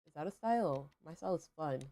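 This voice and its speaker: A woman's voice: deep voice, lively intonation, quick pace, dark tone. A young adult woman hosting a game livestream, chatting casually in a rambling way, full of fillers and questions to herself. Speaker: livestream host. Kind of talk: casual chat while gaming.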